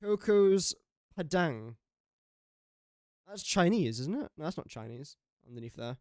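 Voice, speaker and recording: A young man talks through a live game stream, musing aloud and poking fun at his own mistakes. His voice sits a little high and comes across smooth and clear. The sound is dry and close, with no room around it. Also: very animated, measured pace, warm tone, no room sound. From England. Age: young adult. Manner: chatty, jokey and self-mocking, thinking aloud. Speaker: gaming streamer. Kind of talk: casual live-stream commentary.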